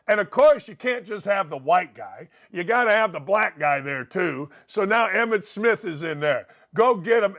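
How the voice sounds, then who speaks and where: A man's voice: sits high, fairly bright tone. A man hosting a sports talk show, delivering a blunt, profane opinion rant.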